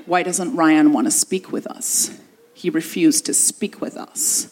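A woman's voice: on the low side, very animated, normal speed. A woman voicing stern male church elders questioning a visitor behind a locked door. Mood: probing.

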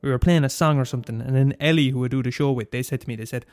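Rapid-fire and mid-range, the voice belongs to a young Irish man in his twenties hosting student radio, ranting and swearing freely in a casual monologue. Soft background music accompanies a dry recording with no room sound.

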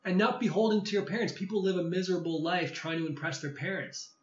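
Brief: male guest, slightly high voice, animated storyteller, roomy lo-fi sound. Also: quick pace. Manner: animated, acts out quoted dialogue. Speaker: podcast guest. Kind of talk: casual storytelling interview. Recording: echoey room, slightly dull sound.

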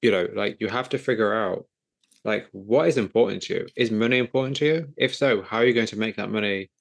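A man's voice: fairly low pitch, a little fast, vocal fry. A man hosting an interview podcast, chatting casually in rambling, self-correcting runs. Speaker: podcast host.

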